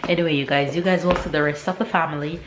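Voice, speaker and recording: A thirties-aged Jamaican family vlogger chats to camera from home in Jamaican English grammar, a bit scattered in her talk. She speaks fast in a low, steady voice against a noisy background.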